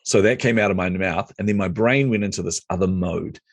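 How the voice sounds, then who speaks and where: A New Zealand man with a deep voice talks fast as a podcast guest in a casual storytelling interview. He's a lively storyteller who acts out quoted dialogue, and the recording has no room sound.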